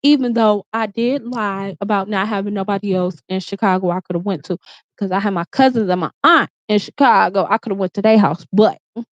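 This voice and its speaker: A woman's voice: mid-range voice, steady tone, brisk. A woman recounting a personal story straight to camera in her bedroom. She talks casually and bluntly, swears freely, and keeps restarting her sentences. The sound is dry, with no room echo, and a little dull and lo-fi. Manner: candid, profane, lots of "like" and restarts. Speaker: vlogger.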